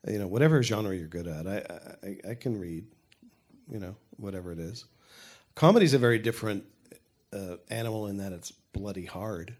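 A man's voice: on the low side, moderate pace, darkish tone. An older man, a television showrunner, answering audience questions in a frank, rambling way with many restarts. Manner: rambling, self-correcting, frank. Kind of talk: panel Q&A talk.

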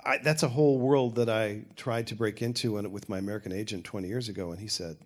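An older man with a fairly low voice answers questions as a showrunner. He talks frankly, stopping and restarting his sentences as he thinks aloud. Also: a little fast, husky. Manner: rambling, self-correcting, frank. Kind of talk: panel Q&A talk.

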